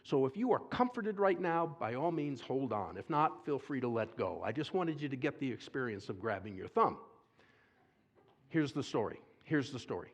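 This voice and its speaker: A man giving a lively sermon to a church congregation, telling a story, acting out quotes and drawing answers from the audience. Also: mid-range voice, moderate pace, lo-fi sound. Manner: animated, calls for audience response, acts out quotes. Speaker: speaker at a church seminar. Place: church sanctuary.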